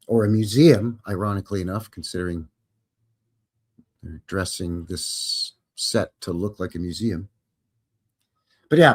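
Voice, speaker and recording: A man hosting a live stream, reading viewer comments aloud and joking casually while commenting on film clips. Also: deep voice. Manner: jokey, chatty, reads viewer chat aloud.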